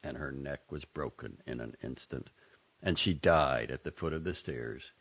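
A man reading short fiction and poetry aloud with an expressive, dramatic delivery, in a dull lo-fi recording. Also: extremely low pitch, normal speed, breathy edge. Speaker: reader.

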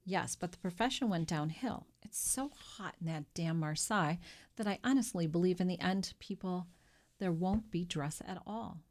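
A woman's voice: on the low side, moderate pace, a little mellow, lightly acted. A woman reading an audiobook and voicing an eager, ingratiating male innkeeper who fusses over a guest. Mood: obliging. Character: fawning, flustered male innkeeper, middle-aged. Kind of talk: audiobook character voice.

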